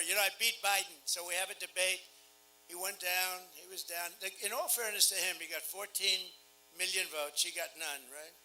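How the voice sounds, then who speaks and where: Older ny guy riffing at a campaign rally, bright sharp voice, boastful and sarcastic, loud then hushed. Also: sits high, low-quality recording. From United States. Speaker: campaign speaker. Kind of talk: rally speech.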